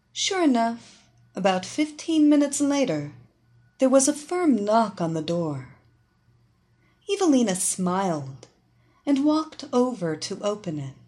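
A woman narrating an erotic story in a slow, expressive reading. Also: mid-range voice.

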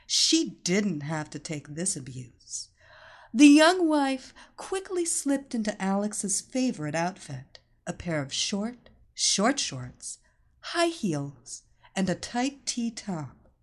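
A woman reading an audiobook story aloud as its narrator, with expressive storytelling. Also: mid-range voice.

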